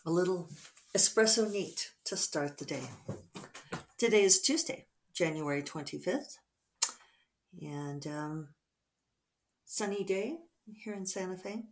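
A middle-aged woman author talking casually over morning coffee, reflective and rambling with soft fillers. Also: lowish voice, slow, long pauses.

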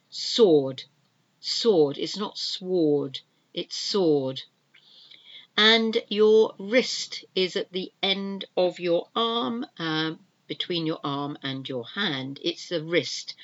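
Slow, low-voiced woman teaching English. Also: highs cut off. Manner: slow, careful, spells letters one by one. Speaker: podcast host, English teacher. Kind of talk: spelling out words in a language lesson.

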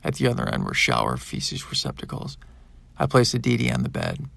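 A man narrating a science-fiction audiobook in the first person, in a plain, even storytelling manner. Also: medium pitch, brisk, gravelly, no room sound.

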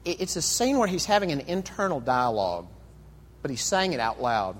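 A male pastor preaching a conversational sermon, full of rhetorical questions and quick restarts. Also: fairly high pitch, big pitch swings, a little hiss or hum. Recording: echoey hall with long reverb.

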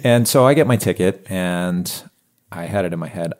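Deep-voiced man telling a story. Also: normal speed. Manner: relaxed, hesitant, with filler words. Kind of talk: casual chat, storytelling.

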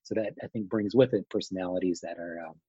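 A man with a husky, slightly breathy voice talks about his work as a wedding photographer in a loose, rambling way, full of "like" and "you know". The sound is dry and a little dull, as if from a modest mic. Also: low-pitched, fast talker, warm tone, no room sound. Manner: rambling, lots of fillers, acts out quotes. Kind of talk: casual interview chat.

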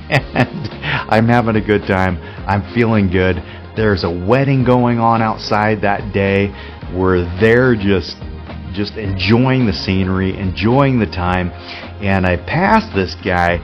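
Candid, low-voiced male pastor, lo-fi. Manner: candid, chatty storytelling with frequent laughs. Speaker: podcast host, pastor. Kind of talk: unscripted devotional talk. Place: Spokane area. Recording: dull lo-fi recording with faint music.

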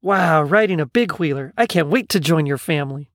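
A man voicing an eccentric, excitable male Muppet who talks earnestly and stammers when cold. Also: fairly high pitch, a little fast, no echo, studio quality. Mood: excited.

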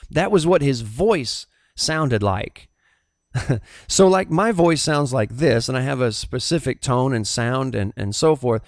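Speaking as a pastor, a middle-aged Southern US man gives his personal testimony in an ordinary middle pitch. He's earnest and animated but halting, often restarting, and the recording is dry and close.

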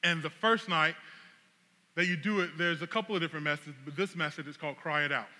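A man, a pastor, telling a funny, animated story as a sermon illustration. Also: on the high side, fast talker. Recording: long reverb of a large hall.

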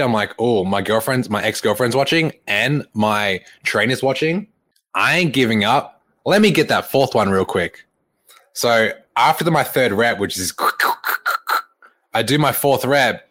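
A young man, a fitness coach, casually retelling a story and acting out the lines of the people in it, with frequent laughs. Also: on the low side. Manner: animated retelling, acts out quoted dialogue, laughs often.

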